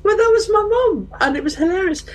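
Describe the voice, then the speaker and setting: Speaking briskly in an extremely high voice, a middle-aged woman recounts a funny anecdote in casual conversation, animatedly voicing the people involved. The audio quality is poor.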